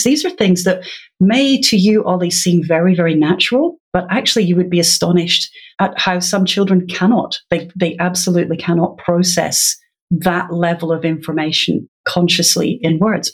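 A woman guest in an interview, patiently explaining in a teacherly way and laughing now and then. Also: fairly low pitch. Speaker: literacy educator guest.

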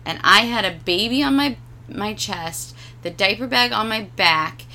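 A woman co-hosting a casual chat, laughing often and trailing off softly at the ends of lines. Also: medium pitch, expressive, a little slow, slight background noise. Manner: laughs often, drops soft and quiet at line ends. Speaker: podcast co-host.

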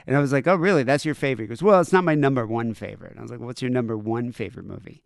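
A man's voice: medium pitch, rapid-fire, vocal fry, no echo, studio quality. A man co-hosting a podcast, telling a story in casual chat and acting out both sides of a conversation. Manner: animated retelling, acts out both sides of a conversation. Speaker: podcast co-host.

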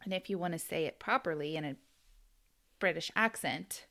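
A woman's voice: fairly low pitch, moderate pace, bright, forceful tone. An American woman co-hosting a podcast, chatting casually and laughing often as she tells a story. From United States. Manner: giggly, storytelling. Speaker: podcast co-host. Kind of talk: casual chat.

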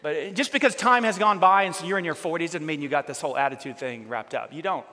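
A man's voice: fairly high pitch, quick pace, pushed and bright. A man preaching a casual, conversational sermon as a pastor, chatty and often asking the congregation questions. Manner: chatty, asks the audience questions, repeats words as he goes. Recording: long church hall reverb.

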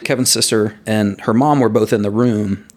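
A man casually telling a personal story to friends, animated and laughing at his own tale. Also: fairly low pitch, normal speed.

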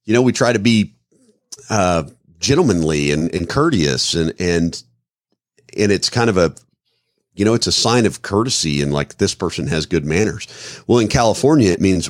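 A man's voice: sits low, lively intonation, moderate pace, no room sound, studio quality. A man from the Midwest co-hosting a podcast, explaining self-defense phrasing with acted-out examples. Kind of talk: casual podcast talk.

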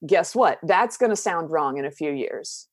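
Candid Southern US woman, lowish and dry. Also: expressive, moderate pace, no echo. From southern United States. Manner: candid, laughs often, trails off with fillers. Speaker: guest. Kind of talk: casual podcast conversation.

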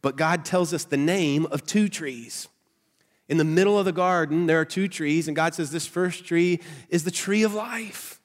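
A young man with a nasal Southern accent, a pastor preaching a conversational, animated sermon with asides to his congregation. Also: a little high, moderate pace. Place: church sanctuary. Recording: long hall reverb.

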